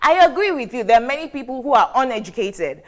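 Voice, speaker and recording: A Nigerian woman making a measured, firm case in a TV debate, using rhetorical repetition. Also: high-pitched, big pitch swings. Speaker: debate guest. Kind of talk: formal debate argument.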